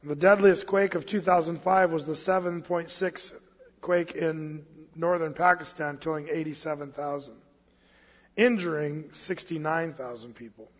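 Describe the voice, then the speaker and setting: A man preaching a casual expository sermon as pastor, mixing scripture reading with relaxed storytelling. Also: a little high, a little slow. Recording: muffled hall with long reverb.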